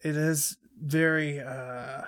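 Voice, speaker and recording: A man's voice: on the high side, fairly even intonation, takes it slowly, a bit bright, clean tone, no room sound. Man explaining at length in a dry, close sound. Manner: explanatory, loose, with fillers. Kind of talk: casual chat about films and music.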